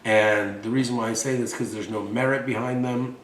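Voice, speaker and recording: A man's voice: mid-range voice, fairly even intonation, brisk, reverberant, recorded from a distance, a little hiss or hum, poor audio. A man in his forties, from Russia, hosting a show and talking in a blunt, boastful, profane way. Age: 40s. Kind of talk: casual monologue and storytelling.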